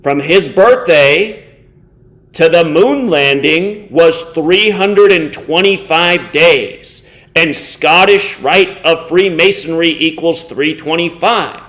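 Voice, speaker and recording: A man in his thirties delivering an angry reaction commentary, contemptuous and insulting, swearing heavily and slowing down to mock. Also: a little high, fairly bright tone. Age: 30s. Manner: sarcastic, slows down to mock. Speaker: online video host.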